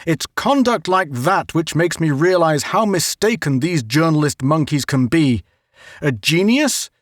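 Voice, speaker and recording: A man's voice: a little high, animated, measured pace, no echo, studio quality. A man voicing a stern, sarcastic middle-aged scientist father, who scolds in a storybook reading. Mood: scolding.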